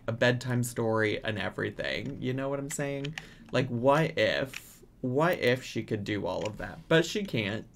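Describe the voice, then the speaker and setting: A man's voice: mid-range voice, slight background noise. A man hosting a casual let's-play from his apartment, chatting playfully and bossing his game characters around. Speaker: gaming channel host. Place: home apartment.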